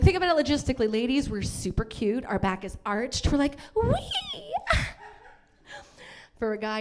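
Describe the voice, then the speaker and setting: A woman's voice: a little high, a little mellow. A woman performing a bawdy live stand-up set in a comedy club, brash and laughing at her own jokes.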